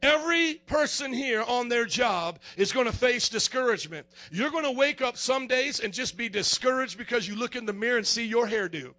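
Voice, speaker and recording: Man, American pastor, very high gravelly voice, animated sermon, acts out scenes. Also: brisk, hardly any pauses.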